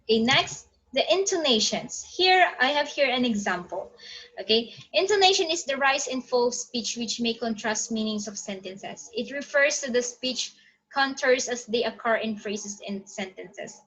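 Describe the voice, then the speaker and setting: A woman's voice: a little high, expressive, fairly bright tone, slightly rough, rough recording. Woman lecturing, many "okay"s. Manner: frequent "okay" fillers, pauses to check slides. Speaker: teacher. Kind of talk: online phonetics lecture.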